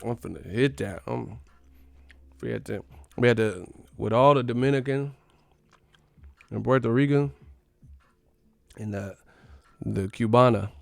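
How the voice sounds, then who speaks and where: A man's voice: mid-range voice, a little slow, vocal fry, long pauses, dry recording. Profane, joking live-stream boxing host, man. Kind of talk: casual live-stream rant.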